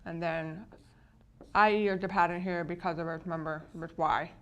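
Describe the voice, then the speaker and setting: A woman's voice: fairly low pitch, steady tone, moderate pace, highs cut off. A woman teacher explaining phonics spelling patterns, often checking in with "right?". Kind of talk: phonics lecture.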